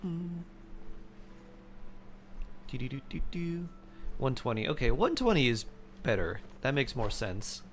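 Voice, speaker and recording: A man's voice: medium pitch, huge pitch swings, normal speed, a bit bright, a little hiss or hum. A man chatting casually on a game stream, reading chat aloud and humming and mumbling to himself in between.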